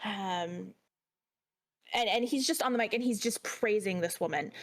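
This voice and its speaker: A woman's voice: medium pitch, a little slow. A woman running a tabletop horror game as game master, describing scenes with many ums and repeated words. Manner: descriptive, with frequent ums and repetitions.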